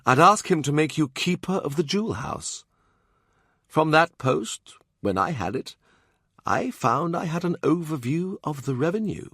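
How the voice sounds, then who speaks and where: Man doing old knight courtier, dramatic storyteller, lively rising and falling pitch, dry close sound. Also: measured pace, slightly rough, dry recording, heavily acted. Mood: confiding. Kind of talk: audiobook character voice.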